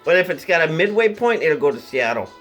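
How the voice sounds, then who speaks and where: Casual co-host: a rambling, joking man with a higher voice, faint music behind him. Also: very animated, fairly quick, fairly bright tone. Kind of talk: casual banter.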